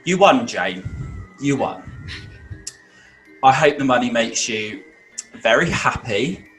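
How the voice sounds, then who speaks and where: A man's voice: mid-range voice, expressive, slow, a bit bright, soft background music, voice pushed down. A man doing an impression of a blunt male dinner-party guest from a reality show, dry and insulting. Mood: scornful.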